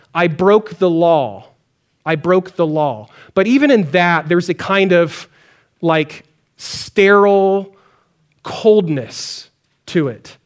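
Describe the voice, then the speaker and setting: A pastor preaching a conversational sermon, acting out pleading prayers. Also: male voice, fairly high pitch.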